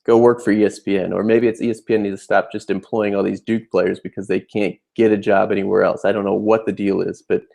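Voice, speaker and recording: Young adult male fan vlogger, low gravelly voice, rambling, fired-up recap rant. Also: level tone, fast, hardly any pauses, dark tone. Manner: fired-up, rambling, many fillers. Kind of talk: casual game recap rant.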